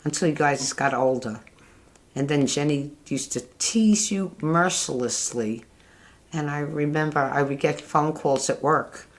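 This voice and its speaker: An older woman telling family memories in a fond, halting way, with frequent restarts. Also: sits low. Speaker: interviewee, mother. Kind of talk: casual family reminiscing.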